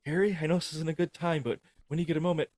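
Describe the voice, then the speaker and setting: A man's voice: on the high side, steady tone, racing, a little mellow, pitched above the performer's own voice, natural voice. A man putting on the voice of a dim-witted, goofy young man from a comedy film, speaking in an eager, raised tone.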